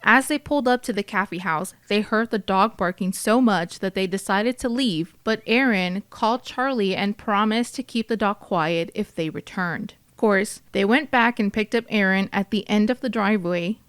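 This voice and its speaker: A woman's voice: medium pitch, normal speed, few pauses, a bit bright, clean tone, no echo. A woman hosting a true crime podcast, reading through a case with profane, outspoken asides.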